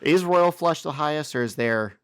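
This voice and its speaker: A man co-hosting a podcast, chatting casually and dropping deadpan wisecracks. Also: on the high side, moderate pace, smooth, dry recording, studio quality. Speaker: podcast co-host. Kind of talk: casual chat.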